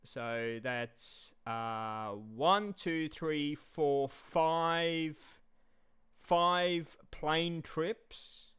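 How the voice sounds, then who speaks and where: A man's voice: a little high, drawn-out words, fairly bright tone, clean tone. A man rambling casually on a live stream, repeating himself and talking straight to his chat.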